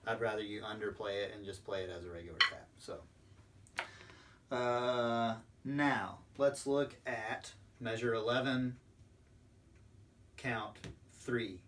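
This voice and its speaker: A percussion instructor patiently walks through drum rudiments step by step in a recorded lesson, dropping in the occasional "um." His voice is fairly low and a bit bright. The mic is distant, with faint background noise.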